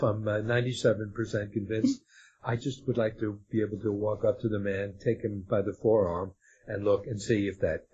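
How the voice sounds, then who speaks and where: Interviewed as a guest author in a conversational setting, a man speaks hesitantly, restarting often and using many fillers. His voice is lowish, warm, and husky, and the audio is dull and lo-fi.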